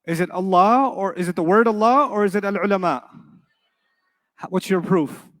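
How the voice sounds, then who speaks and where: A man's voice: high-pitched, moderate pace, fairly bright tone. A middle-aged man teaching Arabic to a live class, playful and jokey, often quizzing his students. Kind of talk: classroom lecture to a live audience. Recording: reverberant lecture hall.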